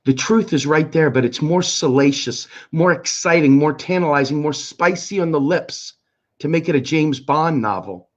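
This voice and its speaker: A middle-aged man giving an impassioned, profane rant full of pleading questions, swinging between a raised voice and a low one. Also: moderate pace. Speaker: political activist commentator. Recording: muffled lo-fi recording.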